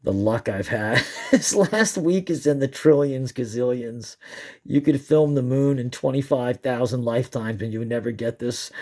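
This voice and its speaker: An amateur moon filmer, a man with a mid-range, darkish voice, casually narrates his own footage at a moderate pace. His excited commentary rambles, restarts, and often breaks into giggles.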